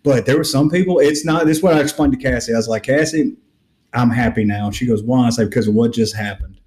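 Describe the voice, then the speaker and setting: Speaking fast in a roomy-sounding space, this mid-range male voice belongs to a podcast host. In a laid-back conversation, he spins a lengthy, profane tale, performing each quote with lively gusto.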